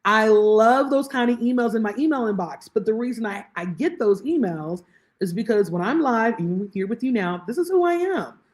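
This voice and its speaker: A woman guest on a video call interview, telling lively stories and acting out the conversations she quotes. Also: fairly high pitch, fairly quick. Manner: animated storyteller, acts out quoted exchanges. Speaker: guest, lead generation specialist.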